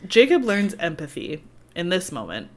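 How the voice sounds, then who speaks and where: A woman co-hosting a podcast, recapping a book in casual chat, ranting and swearing and slipping into quick voices for the characters. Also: fairly low pitch, huge pitch swings. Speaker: podcast co-host.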